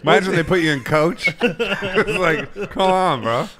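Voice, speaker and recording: A man's voice: sits high, expressive, a loud crowd. A man hosting a podcast, reacting with easy jokes and short replies. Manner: laid-back, jokey with quick reactions. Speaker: podcast host. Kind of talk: casual chat.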